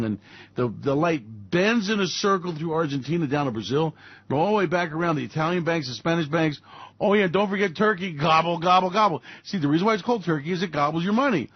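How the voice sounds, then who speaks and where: A man's voice: a little high, slightly rough, dry recording, muffled recording. A man hosting a radio show, rambling through satirical market commentary in a sarcastic way and slipping into mocking voices.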